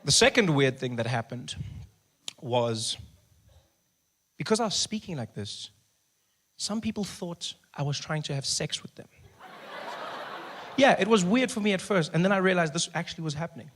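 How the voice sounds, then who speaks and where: Animated stand-up comedian, man. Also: a little high, normal speed. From South Africa. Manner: animated, shifting between a hushed soft voice and loud bursts. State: recovering from voice loss.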